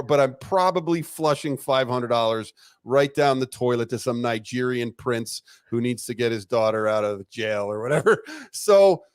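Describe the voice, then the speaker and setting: A middle-aged man, a retired police detective appearing as an interview guest, tells a story in a casual, animated way, laughing often and swearing freely. His voice is medium-pitched, with studio quality and no room sound.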